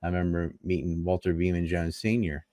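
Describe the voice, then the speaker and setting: A man's voice: sits low, level tone, fairly quick, warm tone, no echo. A man from North Carolina giving an interview, talking politics in an emphatic, argumentative, scoffing way. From North Carolina, USA. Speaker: interview guest. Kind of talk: casual political talk.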